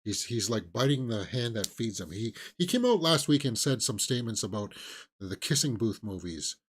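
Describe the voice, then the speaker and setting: A man with a lowish voice and big pitch swings talks at a moderate pace, with a little hiss or hum on the recording. Hosting an informal movie news stream, he's opinionated and rambling, full of fillers and restarts, and sarcastically impersonates celebrities.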